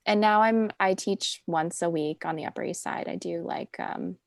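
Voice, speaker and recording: A woman leading a Pilates class over a video call, her low voice roughened by a gravelly fry. She counts and cues with a calm, soothing steadiness, and the sound is close and dry with no room around it. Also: normal speed, no echo. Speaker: Pilates instructor. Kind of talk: cueing a mat Pilates class.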